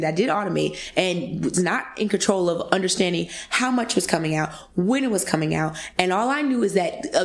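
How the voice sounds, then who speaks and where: Brief: woman in her twenties, podcast guest, casual and animated storytelling, slight vocal fry. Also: medium pitch. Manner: animated, acts out quoted voices, addresses listeners as y'all.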